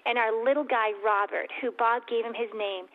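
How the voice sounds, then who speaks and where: A woman's voice: fairly high pitch, fairly even intonation, normal speed. A woman, a guest, speaking reflectively in an interview. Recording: tinny, phone-like sound.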